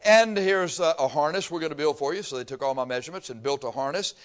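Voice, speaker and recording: A man's voice: a little high, quick pace. An older man from Texas, preaching a sermon through folksy, humorous stories. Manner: folksy storytelling with laughter.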